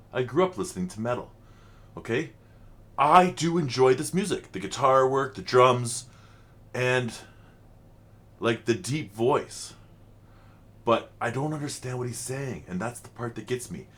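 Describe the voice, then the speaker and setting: A man's voice: medium pitch, a bit bright. A middle-aged man, rambling chattily as he hosts a reaction vlog. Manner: rambling, chatty, frequent fillers. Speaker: channel host reacting to music.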